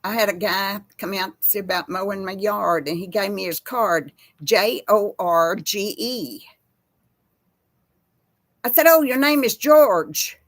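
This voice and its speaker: Slow-drawling Texan woman, gravelly voice. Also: mid-range voice, fairly bright tone, dry recording. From Texas. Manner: slow folksy drawl, says y'all. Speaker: host. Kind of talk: casual chat with live chat viewers.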